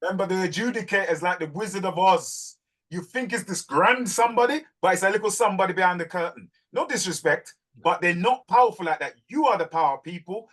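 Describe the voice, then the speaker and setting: A man with a high, lively voice hosts a community call. He talks like a preacher, urging his listeners on and hammering home key words. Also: fast talker. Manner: preacherly, urges listeners, repeats words for stress. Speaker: host of a community group call. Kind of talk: fervent live group talk.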